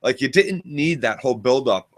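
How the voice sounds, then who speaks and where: A man's voice: medium pitch, expressive, normal speed. A man co-hosting a casual TV review chat, joking and rambling. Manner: joking, rambling, laughs easily. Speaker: podcast co-host.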